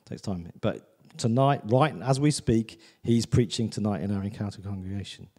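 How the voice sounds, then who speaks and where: A man's voice: on the low side, normal speed, a little mellow, long reverb tail. A man preaching a sermon in a church, in a chatty, conversational way, often asking "do you know what I mean". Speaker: visiting preacher.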